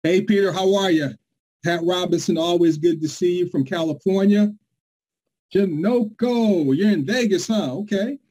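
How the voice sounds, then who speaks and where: A man's voice: high-pitched, moderate pace, warm tone, poor audio. A man from New York hosting a live online presentation, upbeat and hyped as he greets viewers by name. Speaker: webinar host.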